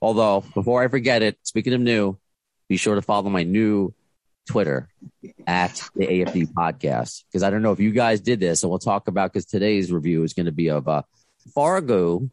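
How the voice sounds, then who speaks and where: A man's voice: low-pitched, brisk, dry recording. A man hosting a podcast over a video call, chatting casually and rambling with restarts. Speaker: podcast host. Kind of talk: casual chat.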